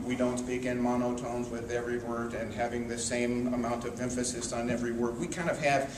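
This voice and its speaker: Male band teacher, easygoing explainer, distant mic, echoey noisy room. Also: mid-range voice. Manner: relaxed explanatory, sings phrases on syllables. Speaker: trumpet teacher. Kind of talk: music lesson explaining an etude.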